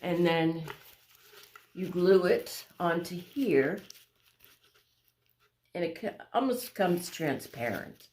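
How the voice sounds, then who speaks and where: A woman's voice: fairly low pitch, animated, takes it slowly, long pauses, a little mellow. A woman casually showing her paintings in a home vlog, rambling, searching for words and correcting herself as she walks along a wall. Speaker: vlogger showing her artwork. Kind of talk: casual show-and-tell vlog.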